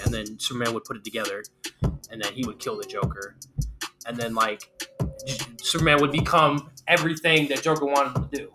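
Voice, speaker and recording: A man's voice: mid-range voice, level tone, a little fast, music in the background. A man hosting a podcast, telling a rambling, profane story in casual banter. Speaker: podcast host.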